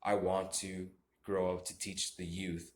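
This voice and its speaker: A man's voice: low voice, level tone, unhurried. Rambling preachy young man in an echoey room. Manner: rambling, repeats and restarts, preachy. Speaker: vlogger. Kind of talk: ranting monologue.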